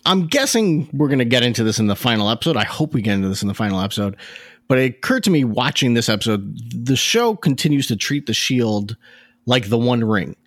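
Lively man on a dry mic. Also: mid-range voice, no echo. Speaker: podcast co-host. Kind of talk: casual podcast discussion.

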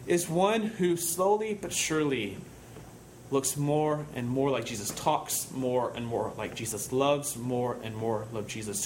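Guy giving a sermon, kinda high voice, chatty storytelling, little rhetorical questions, faint hiss behind. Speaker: preacher.

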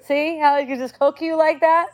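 A woman's voice: high-pitched, fairly even intonation, moderate pace. A middle-aged woman giving a casual spiritual talk, musing and conversational, sometimes acting out the voices she quotes. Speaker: spiritual teacher.

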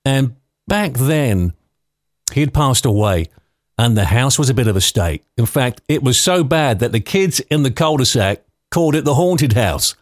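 A man's voice: medium pitch, expressive, normal speed, no echo, clean studio sound. A man in his fifties from London hosting a podcast, telling personal stories in a chatty, nostalgic way. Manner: chatty, nostalgic, anecdotal with light laughs. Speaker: podcast host.

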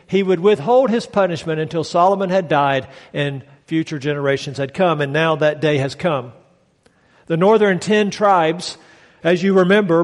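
A high-voiced man preaching from the pulpit of a church sanctuary. He delivers his sermon emphatically and draws the congregation into call-and-response. A long hall reverb trails every phrase. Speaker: pastor.

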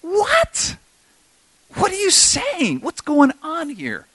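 A man's voice: sits high, sing-song, a little fast, fairly bright tone, dry recording, heavily acted. A man voicing the apostle Peter as hungry, proud and indignant, protesting in an exaggerated, whiny way. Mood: bewildered.

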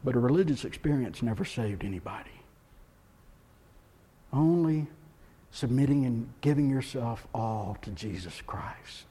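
A pastor from the United States preaching a sermon in a church, moving between quiet, earnest stretches and loud, impassioned ones. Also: male voice, medium pitch, lively intonation, a little slow, long pauses, husky. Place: church sanctuary.

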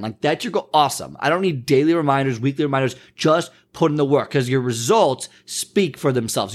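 A man giving a casual motivational rant, rambling and acting out the friends he quotes. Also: mid-range voice. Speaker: motivational speaker.

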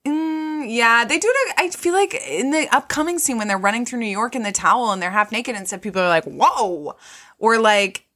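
A woman co-hosting a podcast in easy, casual chat. Her voice is bright and forward, and she jumps into quick impressions of film characters. She swears freely and gets more animated as she goes. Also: on the high side. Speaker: podcast co-host.

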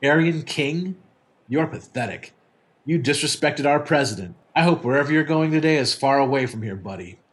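A man's voice: fairly high pitch, animated, normal speed. A man playing a hot-headed, abusive traveler. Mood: hostile. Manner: shouting, abusive outbursts.

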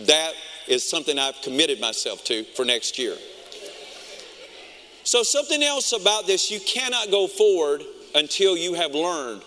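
A middle-aged pastor preaching a sermon, telling stories in an animated way and acting out his own reactions. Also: on the high side, normal speed, slight background noise. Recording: long reverb of a large hall.

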